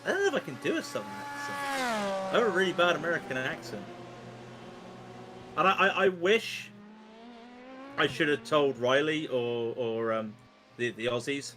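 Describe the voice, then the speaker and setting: A man's voice: fairly high pitch, very animated, moderate pace, pauses often, a little hiss or hum. An English man commentating a long motor race, chatty and laughing as he tells stories between updates. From England. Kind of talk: casual co-commentary chat. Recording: commentary over loud race-car sound.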